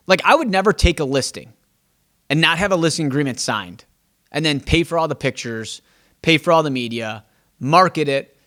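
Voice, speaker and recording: Fairly high in pitch and a bit bright, this man's voice carries a real estate podcast he hosts as an agent. He stumbles and repeats himself in a casual, emphatic monologue, thinking aloud and acting out quoted client exchanges.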